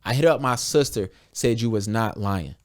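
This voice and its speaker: A man's voice: lowish voice, normal speed. A young adult American man hosting a podcast, talking candidly and bluntly with lots of swearing, acting out conversations in quotes. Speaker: podcast host. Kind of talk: candid casual podcast talk.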